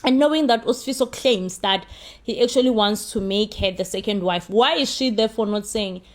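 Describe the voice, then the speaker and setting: A woman's voice: mid-range voice, normal speed. A woman with a South African accent giving a casual spoken review of a soap opera, emphatic and repetitive, mixing in Zulu phrases. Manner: emphatic, repeats herself, mixes in Zulu phrases.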